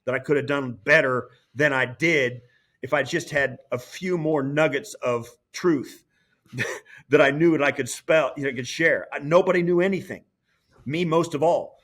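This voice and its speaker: A middle-aged man, a former player turned broadcaster, telling a story as an interview guest in an animated way, with frequent restarts. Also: fairly high pitch, normal speed. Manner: animated, lively, full of restarts. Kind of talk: casual storytelling.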